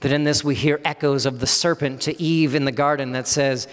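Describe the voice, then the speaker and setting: A man's voice: medium pitch, fairly even intonation, fairly quick, few pauses. A man in his thirties giving an earnest expository sermon, walking through a psalm section by section and acting out the quoted voices. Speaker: preacher. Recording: long reverb of a large hall.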